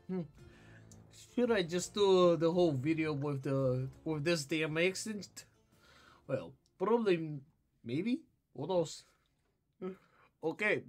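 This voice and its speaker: A man's voice: fairly high pitch, animated, slow, long pauses. A man giving casual gameplay commentary, laughing often and swearing casually, with faint game music behind. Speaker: gamer.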